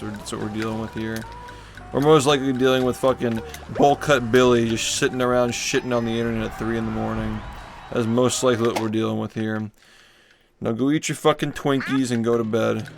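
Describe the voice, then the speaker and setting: A man's voice: mid-range voice, steady tone, fairly quick. A young man livestreaming, ranting at his chat in a sarcastic, profane, mocking way. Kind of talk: ranting at chat on a live stream. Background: game music.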